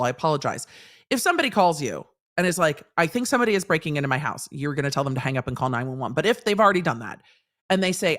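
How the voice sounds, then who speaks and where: A woman lawyer hosts a live commentary show with a slightly low-pitched voice. She reads court transcripts aloud and stops to explain them in a blunt, sarcastic, teacherly way. She uses everyday examples and swears casually. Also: a bit bright.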